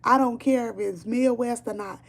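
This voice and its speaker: Woman, gravelly fry, casual livestream chat, emphatic, repeats herself, swears. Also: a little high, normal speed. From Chicago, Illinois. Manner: emphatic, repetitive, swearing freely. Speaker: streamer chatting with viewers.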